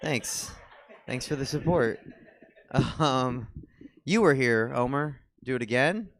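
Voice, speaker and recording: A man's voice: mid-range voice, expressive, slow pace, a bit bright. A young man hosting a comedy show in a small theater, bantering casually with the crowd. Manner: laid-back banter with the crowd. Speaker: show host.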